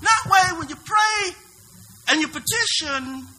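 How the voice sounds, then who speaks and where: A man preaching a sermon. He asks the congregation questions and bursts into shouts. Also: very high-pitched, expressive, slow. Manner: preaching with sudden shouted peaks and call-and-response questions.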